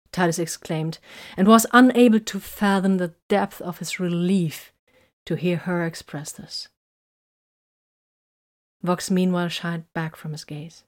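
A woman's voice: fairly low pitch, steady tone, a little slow. Woman narrating an audiobook.

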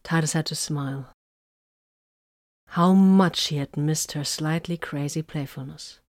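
A woman reading a fantasy story as narrator, with steady, measured storytelling. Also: sits low, no room sound, studio quality. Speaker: audiobook narrator. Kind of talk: scripted narration.

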